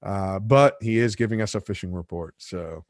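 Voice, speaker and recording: Male host, casual storyteller, gets animated on quotes, dry close mic. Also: low voice, moderate pace, no echo. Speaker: podcast host and fishing captain.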